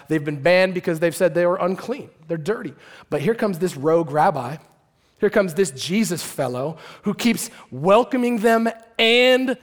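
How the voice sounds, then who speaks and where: Man, pastor preaching, high-pitched, animated and conversational, long hall echo. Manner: animated, conversational, acts out characters with shouts and asides. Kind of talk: sermon.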